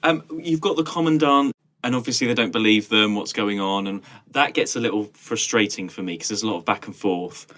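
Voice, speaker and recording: A man's voice: fairly low pitch, brisk, few pauses, a bit bright. A man co-hosting a podcast in casual chat, rambling with restarts and laughing easily. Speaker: podcast co-host.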